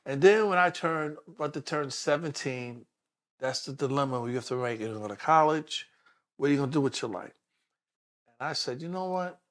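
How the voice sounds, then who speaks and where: In a brisk, medium-pitched voice with a New York accent, a man in his sixties relates his life as a New York City detective during an interview. He is animated and voices the characters in his stories.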